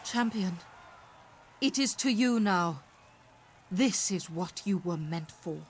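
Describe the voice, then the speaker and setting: A woman's voice: on the low side, expressive, takes it slowly, a little hiss or hum. A woman voicing a regal queen of living corn who gives a grand, commanding speech.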